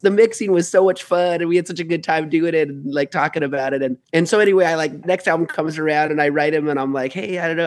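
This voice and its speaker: A man's voice: on the high side, darkish tone. A man, a musician being interviewed, talking in a rambling, casual way with many fillers. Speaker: musician guest.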